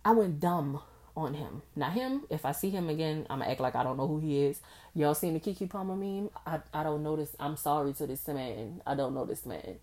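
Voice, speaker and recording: A young woman hosting a casual solo podcast, talking candidly and acting out past conversations. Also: a little fast. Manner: candid and expressive, acts out past conversations in a high voice. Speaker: podcast host.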